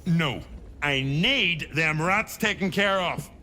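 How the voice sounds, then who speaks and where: An actor voicing a gruff, bossy tavern chef who barks orders in a game. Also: male voice, on the high side, animated, slow pace, bright, forceful tone, a little hiss or hum, heavily acted. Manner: gruff, commanding.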